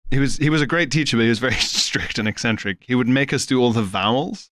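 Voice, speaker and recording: A man's voice: mid-range voice, fast, a bit bright, dry recording. A man talks casually on a comedy podcast, throwing in dry remarks and stories. His voice is recorded close and dry, with no room sound.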